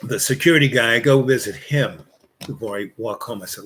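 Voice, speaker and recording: A man spins a long personal yarn in an easy, spoken way, mid-range in pitch. He wanders from thought to thought, leaning on fillers and starting sentences over as he goes. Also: brisk, background noise. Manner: rambling, full of "you know" fillers and restarts. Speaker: storyteller. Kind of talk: casual spoken anecdote.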